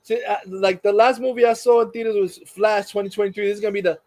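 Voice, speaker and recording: A man's voice: high-pitched, steady tone, fast, a little mellow, no room sound. A man hosting a casual livestream chat, profane and rambling, laughing often. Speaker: livestream host.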